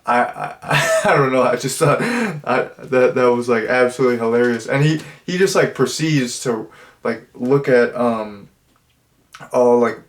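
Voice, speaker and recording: A man's voice: medium pitch, animated, a little slow. A man giving a casual spoken movie review, rambling, with many fillers and false starts. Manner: rambling, full of fillers and restarts.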